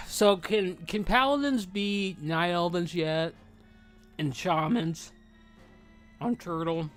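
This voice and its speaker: A slightly high-voiced man streaming a game, chatting in an easygoing, rambling way. He gets animated as he talks and eats as he goes, so some words come out with his mouth full. Faint game music plays underneath. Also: slow pace, pauses often. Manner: rambling, animated, says dude a lot; talking with mouth full while eating. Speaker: gaming streamer. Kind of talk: casual gameplay chat.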